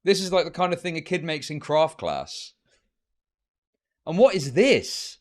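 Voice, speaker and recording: A man's voice: a little high, very animated, normal speed. A man streaming live commentary, ranting at his chat in heated, profane bursts. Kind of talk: livestream commentary.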